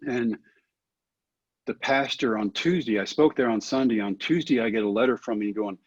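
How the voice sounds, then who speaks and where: Middle-aged male guest, earnest storyteller, husky and a bit lo-fi. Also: mid-range voice, normal speed, no room sound. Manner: earnest, folksy, says "man" often. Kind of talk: storytelling interview answer.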